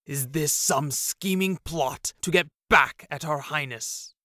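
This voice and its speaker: A man voicing a noble, towering knight with a gravelly voice and slow, formal speech. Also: mid-range voice, a bit bright, dry recording, clean studio sound, close to an everyday voice. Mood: stern.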